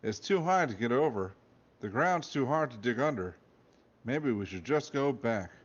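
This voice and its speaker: A man's voice: mid-range voice, animated, normal speed, natural voice. Brief: man playing a hesitant, polite teen boy in a storybook reading, slightly raised voice, dull lo-fi sound. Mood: wary.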